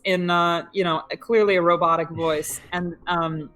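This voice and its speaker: A woman's voice: lowish voice, steady tone, normal speed, few pauses, a bit bright. A woman running a tabletop game as game master, narrating in a chatty, hesitant way with many fillers.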